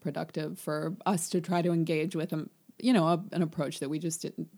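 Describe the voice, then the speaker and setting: A young woman co-hosts a casual book podcast, talking in a low, mellow voice. She rambles a little, fills pauses with ums and laughs easily as she chats. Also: flat delivery. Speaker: podcast co-host.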